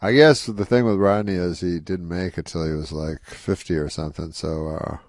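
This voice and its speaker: Fifties man from Canada, wry rambling storyteller, deep voice with fry, dry close sound. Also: fairly even intonation, normal speed, darkish tone, dry recording. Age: 50s. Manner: rambling, wry, full of asides. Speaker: interview guest, comedian. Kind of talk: casual anecdotal storytelling.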